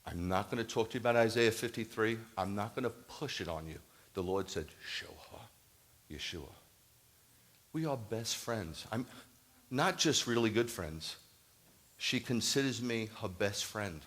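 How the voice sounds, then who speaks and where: Male rabbi, lower voice, lively storytelling sermon, voices the other people in the story, builds to emphatic preaching. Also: moderate pace. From United States. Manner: animated, acts out quoted dialogue, rises to emphatic preaching. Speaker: Messianic rabbi. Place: congregation hall, addressing a live audience.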